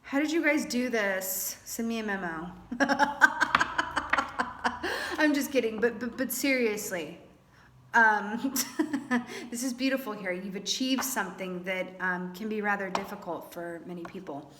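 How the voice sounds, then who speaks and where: A woman's voice: medium pitch, normal speed, slight background noise. Chatty woman doing a tarot reading. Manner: chatty, animated, thinks aloud with many fillers. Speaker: tarot reader. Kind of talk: casual tarot reading to camera.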